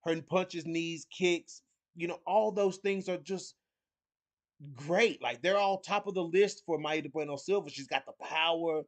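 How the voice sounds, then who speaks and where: A man's voice: on the high side, measured pace. Rambling man previewing fights. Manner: rambling, repeats words, heavy fillers. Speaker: host of a fight picks show. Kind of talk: casual fight preview talk.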